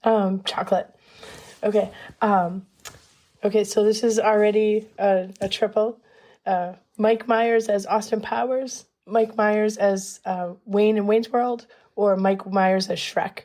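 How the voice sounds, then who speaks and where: Woman with a cold, mid-pitched, plain and matter-of-fact game host. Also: fairly even intonation, slow pace, dark tone. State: has a cold. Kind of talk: casual chat.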